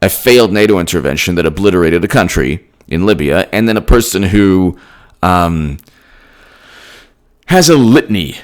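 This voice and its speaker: Deep-voiced guy doing a political vlog rant, lots of restarts. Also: expressive, normal speed. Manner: emphatic, rambling with frequent restarts. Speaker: political commentator. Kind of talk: solo political commentary vlog.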